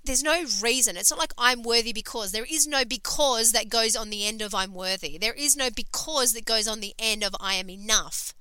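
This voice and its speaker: A woman's voice: a little high, normal speed, few pauses, pushed and bright, clear, resonant tone, no room sound, rough recording. A woman hosting a podcast, talking in an emphatic, sweary, casual motivational monologue full of fillers. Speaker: podcast host and coach.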